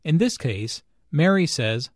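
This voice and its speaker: A man reading English lesson notes in a careful, clearly enunciated scripted narration. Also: fairly high pitch, lively intonation, slow, no echo, clean studio sound. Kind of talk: slow scripted teaching narration.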